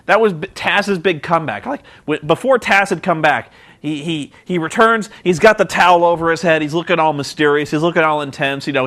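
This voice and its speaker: Animated man ranting sarcastically. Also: on the high side. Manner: excitable, profane, sarcastic, acts out scenes. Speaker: vlogger reviewing wrestling. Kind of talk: casual commentary.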